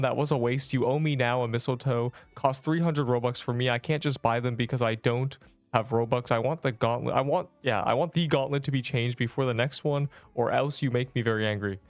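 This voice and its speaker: A man's voice: mid-range voice, no room sound. Young man streaming, joking and slangy. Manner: joking, mock-dramatic outbursts, slangy. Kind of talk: casual livestream chat while gaming.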